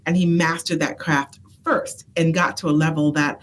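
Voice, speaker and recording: A woman's voice: low-pitched, fairly even intonation, normal speed. A woman who works as a consultant, co-hosting a casual chat and giving earnest advice. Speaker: consultant and co-host. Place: phone booth studio.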